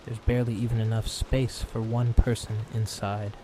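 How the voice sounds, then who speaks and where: Brief: hushed male storyteller reading a scary tale for sleep, low register, rain pattering behind. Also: noisy background. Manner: calm, slow, hushed. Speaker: narrator. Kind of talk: calm sleep story narration. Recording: steady rain sound behind.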